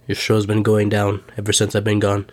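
A man's voice: on the low side, completely flat delivery, fairly quick, natural voice. A man doing a boastful, rambling older politician. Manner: boastful, rambling, repeats himself. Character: boastful older male ex-president, self-obsessed. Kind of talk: comedic impression sketch.

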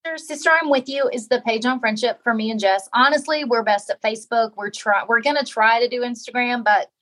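A woman's voice: a little high, a little fast, fairly bright tone. A middle-aged woman, a guest author in a casual interview, talking earnestly and repeating phrases for emphasis.

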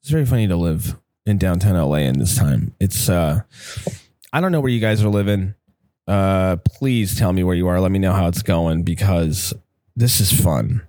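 A man's voice: low voice, moderate pace, dark tone, dry recording, clean studio sound. A young man hosting a solo podcast from his apartment window, rambling and self-deprecating with frequent swearing. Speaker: podcast host. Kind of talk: casual solo podcast monologue. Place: apartment by a window, downtown building. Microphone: studio microphone.

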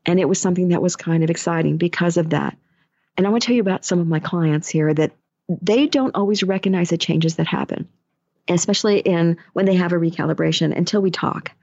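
A woman's voice: fairly low pitch, fairly quick, a little mellow. A woman talks in a casual monologue, a chatty storyteller who slips into the voices of the people she quotes. The sound is dull and lo-fi, with no room echo at all. She speaks as an energy healer and life coach.

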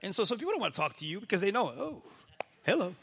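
High, bright-voiced animated pastor man. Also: rapid-fire, breathy edge. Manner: animated, keeps asking "right?" and acts out quoted people. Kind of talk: casual faith talk.

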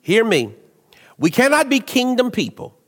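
Man, preacher, sermon, animated storytelling, sudden shouts, high voice, long hall echo. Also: measured pace. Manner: animated storytelling, swinging from low asides to shouts.

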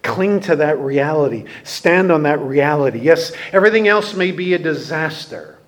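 A man preaching a sermon, earnest, rising to emphatic peaks and then dropping soft. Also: on the high side, expressive, moderate pace. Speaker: pastor.

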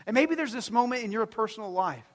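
Pastor guy preaching, kinda high voice, big echoey hall, goes quiet then loud. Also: quick pace. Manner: animated preaching, swings from hushed to loud. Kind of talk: sermon. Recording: long reverb from a large hall.

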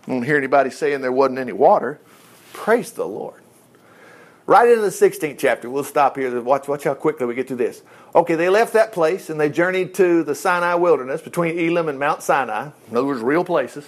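A man preaching a sermon in a folksy, animated way, with chuckling asides and quick shifts between reading and commentary. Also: high-pitched. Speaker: pastor.

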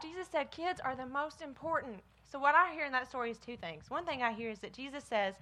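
A woman giving a lively children's sermon, talking straight to the kids. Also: high-pitched, fast talker, few pauses. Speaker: children's minister.

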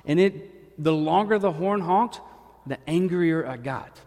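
A man preaching as a pastor, telling a personal story in an animated, joking way. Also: a little high, a little slow. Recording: echoey hall.

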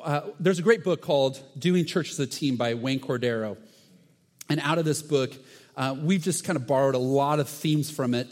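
Animated preacher in a reverberant hall. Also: male voice, fairly high pitch. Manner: animated storytelling with acted-out voices. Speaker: pastor. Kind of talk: sermon.

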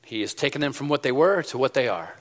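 A man's voice: mid-range voice, lively intonation, fast, a bit bright. Man preaching a sermon in a reverberant hall. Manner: storytelling, conversational with frequent fillers.

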